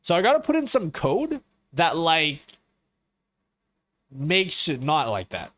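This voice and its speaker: A man's voice: fairly high pitch, wildly swooping pitch, takes it slowly, a bit bright. A man chatting casually on a live stream, rambling, swearing and often checking in with his viewers. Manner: rambling and profane, keeps asking okay. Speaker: livestreamer.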